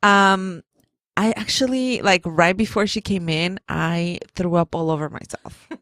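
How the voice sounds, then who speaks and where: A woman co-hosts a casual podcast chat, rambling through her stories with plenty of "like"s. Her voice sits a little low. The sound is dry and close, with no room echo. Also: measured pace, fairly bright tone. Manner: chatty storyteller, many fillers like "like". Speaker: podcast co-host.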